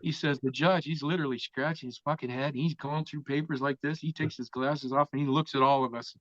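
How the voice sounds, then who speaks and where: A Floridian man, guesting on an interview, spins a long, profanity-laced yarn and acts out the lines of the other people in it. His voice is medium in pitch and fairly quick, and the dry recording sounds dull and lo-fi.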